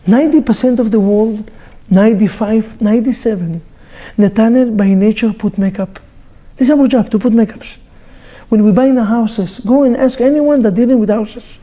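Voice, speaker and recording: A man teaching as a rabbi, telling stories with jokes and sound effects in a lively sermon to a group. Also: high voice. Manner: animated storyteller, joking, with sound effects.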